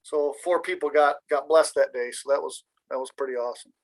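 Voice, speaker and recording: A man's voice: fairly high pitch, fairly quick, poor audio. A man from Michigan chatting casually on a video call, rambling and joking in an easygoing way. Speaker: meeting participant. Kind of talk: casual chat.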